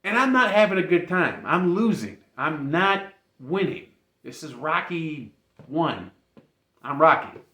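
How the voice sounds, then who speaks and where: Animated storytelling man, roomy sound. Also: a little high, measured pace. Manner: animated, laughs often, insists he's not making it up. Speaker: vlogger. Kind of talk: comic storytelling to camera. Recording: roomy echo.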